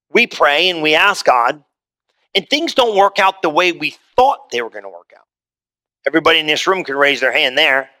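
A man delivering a sermon to a congregation, talking plainly and directly and then lifting into emphatic scripture reading. His voice sits high for a man and has a bright, sharp edge. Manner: conversational preaching, rising to emphatic reading of scripture. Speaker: pastor. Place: church hall with congregation.

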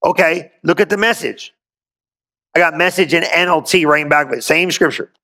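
This sermon features a male pastor whose slightly high voice has a sharp tone and a normal pace. He reads scripture out loud, punctuating it with exuberant call-and-response asides.

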